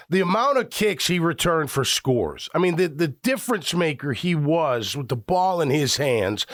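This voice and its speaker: Middle-aged male sports radio host from Chicago, rambling storyteller, lively pitch, dry close mic. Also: dry recording. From Chicago area. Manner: rambling, animated, frequent restarts. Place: radio studio.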